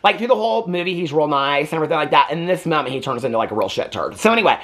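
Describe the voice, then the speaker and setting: Fast, rambling man recapping a movie. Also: on the high side, expressive, fairly bright tone. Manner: rambling, chatty, heavy filler "like", acts out quotes. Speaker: movie reviewer.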